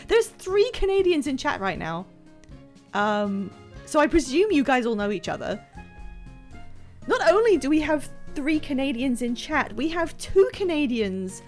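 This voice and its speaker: On a live stream, a high-voiced woman plays a video game and chats casually. She's excitable and self-deprecating, rambling from one thought to the next.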